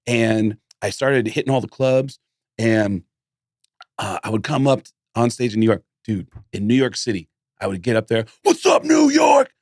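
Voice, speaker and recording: A man's voice: on the low side, moderate pace, dry recording, studio quality. A man telling comedy stories in casual chat, acting out the voices of the people in them. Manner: animated storyteller who acts out voices. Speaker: guest comedian.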